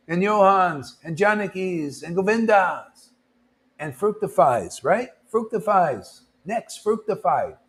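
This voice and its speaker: With a high, somewhat bright voice, a man gives an informal sermon to a devotional gathering. He's blunt and confrontational, throwing in rhetorical questions and mocking asides while addressing his listeners as "man".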